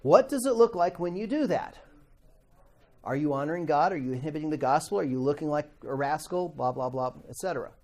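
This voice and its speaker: A man's voice: on the high side, animated, brisk, a little mellow. A middle-aged man teaching a Bible class in a conversational way, asking the class questions and acting out quoted voices.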